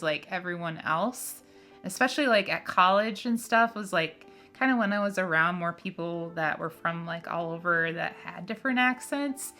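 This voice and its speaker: Bright-voiced Minnesotan woman, chatty. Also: medium pitch. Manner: chatty, laughs often, many "like" fillers. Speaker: co-host. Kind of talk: casual chat.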